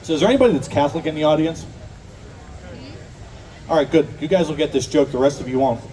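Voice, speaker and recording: A man's voice: a little high, fast talker, mellow, far from the mic, low-quality recording. Chatty Pittsburgh man telling jokes on stage. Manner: chatty, self-deprecating joke teller. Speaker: folk singer and storyteller. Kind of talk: live stage banter and joke telling. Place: outdoor festival stage.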